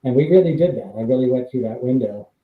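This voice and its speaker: Fast and expressive, this mid-range male voice belongs to an ex-stunt double casually spinning rambling tales on a live stream, with fillers and laughter between lines. The audio is roomy and phone-quality.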